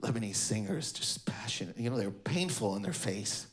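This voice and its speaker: A man from Canada doing stand-up comedy in a clothing store, animated and laughing through his lines. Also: lowish voice, moderate pace. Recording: echoey store with background noise.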